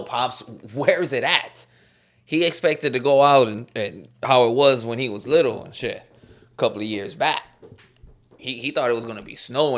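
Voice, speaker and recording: A man hosting his own podcast from a room at home, chatting loosely in slang and telling stories. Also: mid-range voice. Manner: loose, slangy, storytelling with acted-out quotes. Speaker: podcast host. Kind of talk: casual chat.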